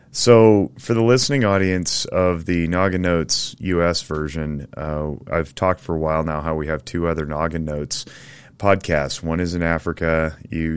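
Deep-voiced rambling male podcast host. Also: clear, resonant tone. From Northern Nevada. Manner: rambling, self-correcting, with many fillers. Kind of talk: casual podcast chat.

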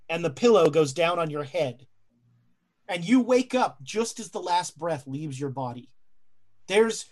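Low-voiced woman running a horror game. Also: husky. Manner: halting, searching for words with fillers. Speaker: game master. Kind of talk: narrating a horror tabletop game.

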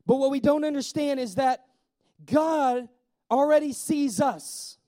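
A man preaching a sermon in a lively way, asking the congregation questions and slowing down to stress key words. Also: very high-pitched. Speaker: pastor.

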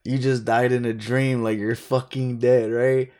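Podcast co-host, male, unhurried delivery, profane and giggly casual chat. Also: mid-range voice, level tone, a little mellow. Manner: profane, laughing, storytelling.

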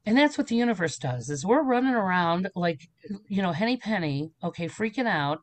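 A woman's voice: lowish voice, brisk. A middle-aged woman, a spiritual medium, telling stories and teaching in a casual interview, acting out little voices as she goes. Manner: animated storyteller, acts out voices.

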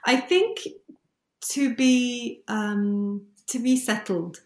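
A woman in her thirties is a guest on a casual podcast, mixing English with French as she talks. She is conversational and turns lively when joking. Her voice carries a noticeable room echo. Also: a little high, drawn-out words. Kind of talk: casual bilingual chat.

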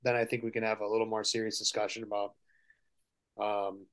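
A man co-hosting a podcast, talking casually and quietly about basketball, trailing off and swearing. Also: little pitch movement, brisk, clear, resonant tone. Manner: low-key, mumbling, trailing off, swears. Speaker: podcast co-host. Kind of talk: casual sports chat.

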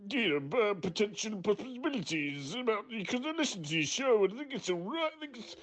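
A woman's voice: medium pitch, animated, brisk, lightly acted. A woman imitating a rambling, hesitant male television executive full of fillers. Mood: fumbling. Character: hesitant male TV production head.

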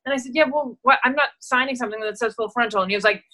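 A middle-aged actress telling stories in a casual interview, animated and laughing, acting out the voices she quotes. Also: on the high side, rapid-fire, rough recording. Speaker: actress and guest.

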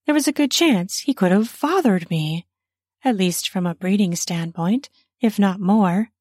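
Soft and breathy, sometimes slipping into a whisper, a medium-pitched woman tells an erotic story from her own first-person perspective. The studio recording is clean, with no echo.

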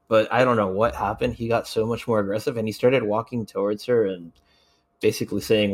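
A man's voice: on the low side, fairly even intonation, brisk, husky. A man telling friends about a tense night in casual chat, blunt and swearing a lot. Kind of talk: casual storytelling among friends.

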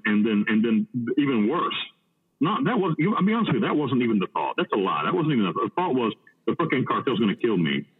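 A man from the United States telling a story in blunt, profane talk, halting with many restarts. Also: lowish voice, breathy edge. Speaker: podcast guest. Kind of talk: casual storytelling. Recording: tinny phone-like line with long reverb.

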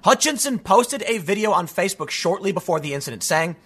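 A man's voice: sits high, animated, brisk, fairly bright tone, husky. A man giving an emphatic news commentary, reading out reports and then ranting in casual, repetitive phrases. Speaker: political commentator.

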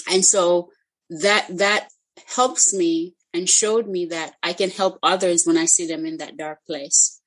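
A woman's voice: lowish voice, fairly even intonation, a little slow, low-quality recording. A middle-aged woman telling an emotional personal faith story as a guest, earnest and heartfelt, often restarting her sentences.

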